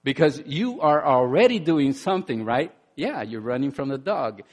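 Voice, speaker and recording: Animated male preacher with loud bursts. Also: mid-range voice, moderate pace. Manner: repeats words when restarting. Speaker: pastor. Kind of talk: sermon.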